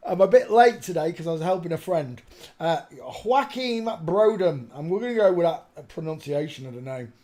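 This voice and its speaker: A man's voice: a little high, expressive, fairly quick, dark tone. An older man hosting a rambling live stream from his home desk, chatting, greeting viewers and humming to himself as he clicks around. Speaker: livestream host.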